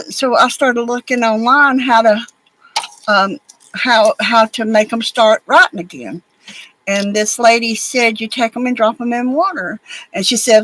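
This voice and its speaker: A rambling, folksy woman with a drawl chats casually while she crafts at home. Her voice sits a little high, and a faint hiss runs behind it. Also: a bit bright, rough recording. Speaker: crafting vlogger.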